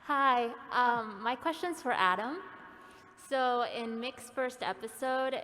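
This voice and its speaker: A woman's voice: a little high, slow pace, pushed and bright. Hesitant woman asking a question. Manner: hesitant, with fillers. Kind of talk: audience question at a panel. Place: large convention hall. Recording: long hall reverb, faint hiss.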